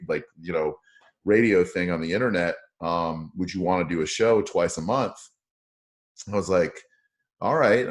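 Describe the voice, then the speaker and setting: Man, radio morning host, very low voice, profane and jokey storyteller, casual interview chat. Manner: profane, joking, animated storyteller.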